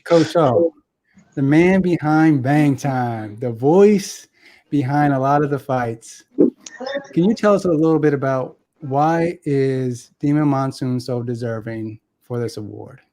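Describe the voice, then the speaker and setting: A man hosting an awards show, asking measured questions of the winner and his coach. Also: mid-range voice, warm tone. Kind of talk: interview questions.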